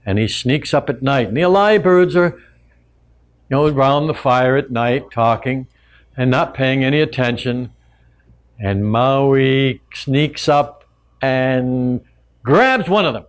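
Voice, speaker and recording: A man telling a traditional tale to a live audience in a relaxed, conversational way with frequent asides. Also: mid-range voice, normal speed. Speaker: storyteller and teacher. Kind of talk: oral storytelling to a live audience.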